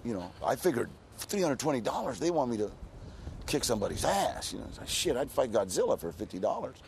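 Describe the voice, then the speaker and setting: A man's voice: mid-range voice, sing-song, fast, vocal fry, darkish tone, a little hiss or hum. A man in his sixties from California, telling stories in a casual interview with a laid-back, streetwise manner, dropping in plenty of "you know.". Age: 60s. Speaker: interview guest.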